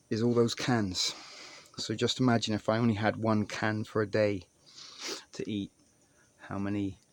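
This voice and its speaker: A man's voice: fairly low pitch, a little mellow. A man vlogger talking casually and rambling off the cuff at home, with some mild swearing. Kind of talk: casual vlog narration. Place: small indoor home space.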